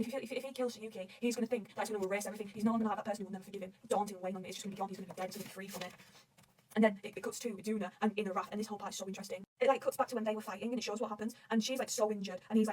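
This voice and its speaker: A woman's voice: mid-range voice, racing, husky, recorded from a distance, poor audio. A young woman gushing and rambling through a manga recap, swearing constantly. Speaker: manga reader reacting. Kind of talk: excited recap chat.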